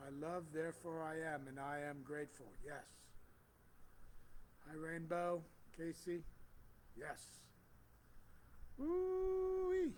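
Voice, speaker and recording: Man, spiritual teacher, slow fervent affirmations, fairly high voice, noisy recording. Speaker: spiritual teacher hosting a live stream. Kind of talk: spoken affirmations and comment greetings. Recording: steady background noise.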